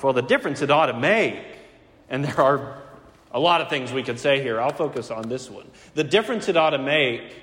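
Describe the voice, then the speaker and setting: A man's voice: mid-range voice, a bit bright. Earnest male pastor in a reverberant hall. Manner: earnest, emphatic, varies pace between slow stresses and quick asides. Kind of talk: sermon. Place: church sanctuary.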